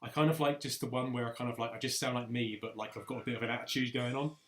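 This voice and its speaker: A man's voice: mid-range voice, steady tone, rapid-fire, a bit bright. Young man, casual and rambling, an everyday mid-range voice. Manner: rambling, self-correcting, chatty. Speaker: video creator. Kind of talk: casual chat while recording voice lines.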